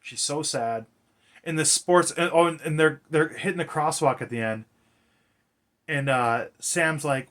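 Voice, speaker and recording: A man's voice: on the high side, moderate pace, a bit bright. A man recapping a film in a casual, rambling way, swearing freely and leaning on fillers. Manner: rambling, profane, filler-heavy. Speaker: movie reviewer.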